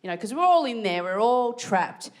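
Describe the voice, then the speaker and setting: A woman's voice: on the high side, very animated, normal speed. A woman with an Australian accent telling stand-up stories, breaking into shrieked acted-out quotes. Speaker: stand-up comedian. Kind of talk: stand-up comedy set. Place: large theatre stage. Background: audience laughter.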